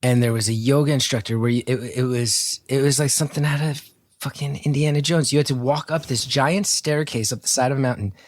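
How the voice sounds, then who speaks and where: Medium-pitched and a little fast, in a dry recording, a guest co-host from North Jersey spins a story for a podcast over video call. He's an animated storyteller who acts out the quotes and swears freely.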